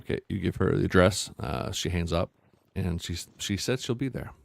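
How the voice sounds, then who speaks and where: A man narrating as game master of a tabletop horror game, unhurried and hesitant. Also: deep voice, vocal fry, no echo.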